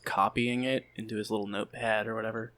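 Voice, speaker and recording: A man's voice: lowish voice, flat delivery, quick pace, a bit bright. A man playing a tabletop game, chatting casually and reporting his rolls. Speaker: player.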